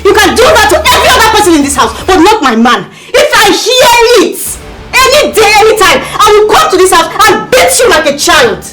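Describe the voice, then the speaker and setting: An actress with a Nigerian accent playing a fiery woman who taunts loudly while defending her man. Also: extremely high pitch, big pitch swings, fast, hardly any pauses, over loud music, low-quality recording. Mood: defiant. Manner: loud, taunting, mocking.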